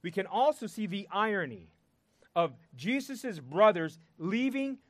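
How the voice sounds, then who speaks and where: A man preaching a sermon, earnest and emphatic, pausing and repeating words for weight. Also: high voice, animated, dry recording.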